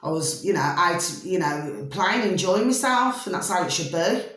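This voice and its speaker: A woman's voice: lowish voice, normal speed, a bit bright, faint music behind. Chatty middle-aged lady vlogging, rambles on, says flipping a lot, really echoey room. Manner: rambling, homely, fond of mild slang like "flipping" and "blooming". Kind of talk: chatty spiritual vlog.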